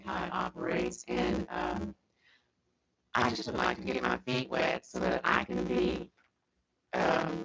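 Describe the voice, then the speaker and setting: A woman with a very deep, gravelly voice talks at a council meeting, her pitch swinging widely. She speaks hesitantly, with many ums. Loud noise runs under the muffled recording. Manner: hesitant, modest. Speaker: committee applicant at a city council meeting. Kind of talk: public remarks. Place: city council chamber.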